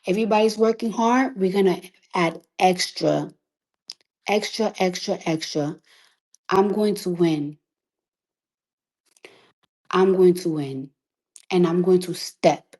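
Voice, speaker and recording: A woman's voice: lowish voice, lively intonation, takes it slowly, pauses often, warm tone, low-quality recording. A woman, giving a defiant, emphatic and profane monologue. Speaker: rapper. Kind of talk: impassioned monologue.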